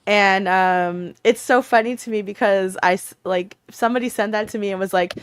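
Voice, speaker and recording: A woman co-hosting a casual chat, telling animated stories and laughing often. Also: medium pitch, normal speed, clear, resonant tone, no echo, clean studio sound. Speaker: podcast co-host. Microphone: remote call mic.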